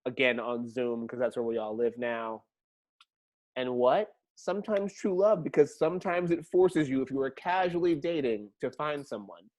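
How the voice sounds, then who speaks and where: A young man hosting a podcast, chatting casually and telling stories in an animated way, laughing and swearing freely. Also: medium pitch, normal speed. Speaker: podcast host. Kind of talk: casual chat.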